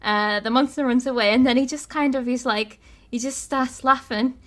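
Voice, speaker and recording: Podcast host lady, kinda high voice, telling a game story all excited. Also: moderate pace. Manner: animated storytelling, laughs often. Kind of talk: casual chat, retelling a game.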